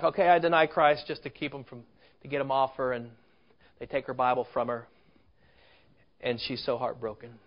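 A man preaching a sermon as a story, conversational, with rhetorical questions and asides. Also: mid-range voice. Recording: dull lo-fi recording.

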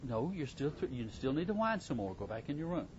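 A man's voice: mid-range voice, very animated, brisk, slightly rough, lo-fi sound. A middle-aged man, giving parenting advice to a group in a folksy, casual way and repeating himself as he goes. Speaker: parenting speaker. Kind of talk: casual talk to a live group.

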